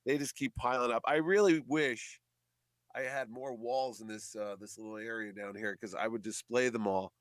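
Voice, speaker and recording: A man chats casually about running a comic convention, telling stories and acting out what others said. His voice sits at an ordinary middle pitch. It sounds dry, with little room echo. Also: moderate pace. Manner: chatty storyteller, animated quoting of others. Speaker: comic convention organizer, guest. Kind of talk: casual radio interview chat.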